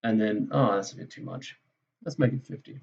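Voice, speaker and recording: A man with a gravelly, creaky voice walks through a maths lesson on a screen recording. He talks casually and thinks aloud, fixing his own slips as he goes. The sound is dull and lo-fi. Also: lowish voice, lively intonation, fairly quick, a little mellow. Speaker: maths teacher.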